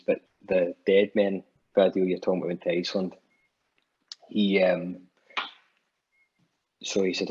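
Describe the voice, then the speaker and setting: Husky low-voiced Scottish man telling a story. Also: muffled recording. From Scotland. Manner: animated storyteller acting out quotes, many restarts. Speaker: musician guest. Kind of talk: anecdotal podcast storytelling.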